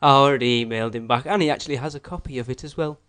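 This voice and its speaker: A man's voice: medium pitch, racing, fairly bright tone, clean tone, dry recording. A man co-hosting a casual podcast, joking and reading listener emails aloud. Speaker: podcast co-host.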